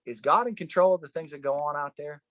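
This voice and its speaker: A man's voice: a little high, fast talker, fairly bright tone, no echo. A middle-aged man leading a Bible study, preaching informally in a fervent, conversational way and often repeating himself. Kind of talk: informal sermon.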